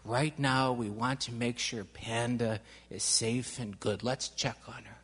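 A man voicing a kind, calm older man, speaking softly and slowly in a reverberant hall. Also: mid-range voice, slightly rough, pitched below the performer's own voice. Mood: gentle. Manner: soft, soothing, slow.

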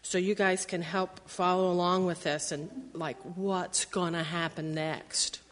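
A woman teacher reading a picture book aloud to children in a classroom. She tells the story in an animated way and acts out the sound effects. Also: lowish voice, unhurried, big-room sound.

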